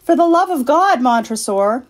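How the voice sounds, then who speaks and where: A woman's voice: on the high side, expressive, a little slow, a little mellow, voice pushed up. A woman voicing a panicked nobleman who laughs in strained bursts and pleads. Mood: desperate.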